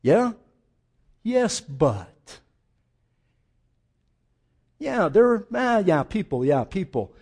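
A man's voice: high-pitched, very animated, measured pace, few pauses, darkish tone. A male pastor preaching a sermon, speaking straight to his congregation and acting out the voices of the people in his story.

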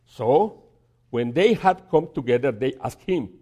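A man preaching a sermon, telling a story and reading scripture aloud, with halting repeats and dramatic pauses. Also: medium pitch, expressive, darkish tone, breathy edge. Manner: reads scripture aloud slowly.

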